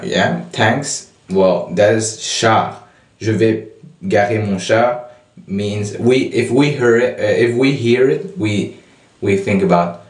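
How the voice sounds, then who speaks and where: Slow-talking French-accented man, distant and echoey. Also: low voice. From Belgium. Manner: halting, many fillers and restarts. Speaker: French teacher. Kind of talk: casual video lesson. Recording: echoey room from far off.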